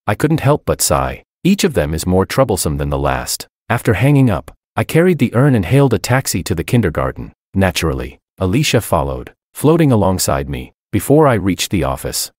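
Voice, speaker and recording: A man narrates a first-person audiobook in a deep, low voice. His pitch moves a lot across the lines, but his delivery stays dry and matter-of-fact. The recording is close and dead, with no room sound. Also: no echo.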